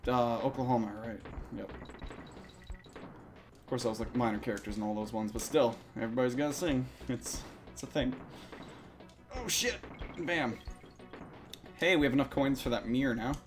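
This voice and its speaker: Young male streamer, mid-pitched, loose chatty talk, frequent swearing, faint game music under. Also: lively intonation, normal speed, long pauses. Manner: rambling, swears often. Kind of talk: casual chat while playing.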